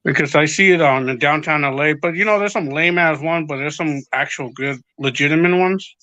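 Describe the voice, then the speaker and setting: A man's voice: a little high, a little fast, pushed and bright, dry recording, lo-fi sound. A man in casual podcast chat, rambling and swearing as he retells what others said. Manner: rambling, profane, retells quotes. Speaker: podcast guest.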